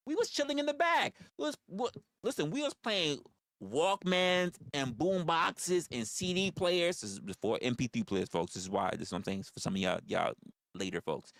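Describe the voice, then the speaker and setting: A man's voice: high-pitched, very animated, normal speed, a bit bright, no room sound, studio quality. A man, rambling through profane stories on a casual livestream. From New York. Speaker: livestream host.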